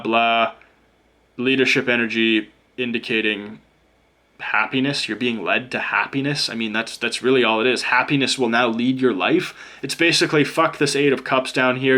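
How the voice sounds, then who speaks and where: A man's voice: medium pitch, a bit bright. A man giving a casual pick-a-card tarot reading. He speaks straight to the viewer in a blunt, joking way, swears freely and drops in mock-sarcastic asides. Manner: talks straight to the viewer as "you". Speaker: tarot reader.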